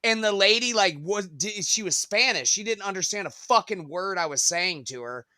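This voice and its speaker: A man's voice: sits high, animated, normal speed, no room sound, studio quality. A man co-hosting a casual podcast, telling crude school stories with lots of swearing. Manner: profane storytelling, loud bursts. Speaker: podcast co-host. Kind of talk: casual chat.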